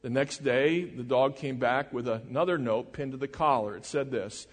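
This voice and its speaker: A man delivers a sermon at a middle pitch, earnest and measured, letting his voice sink quiet to press a point. His words ring out with a long reverberation, as in a church sanctuary. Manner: earnest, measured preaching with dramatic drops in volume. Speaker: preacher. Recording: reverberant hall.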